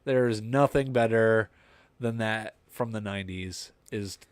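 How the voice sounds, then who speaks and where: Smooth-voiced man in casual podcast chat. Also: lowish voice, a little slow, dry recording. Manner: rambling, enthusiastic movie talk. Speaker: podcast co-host.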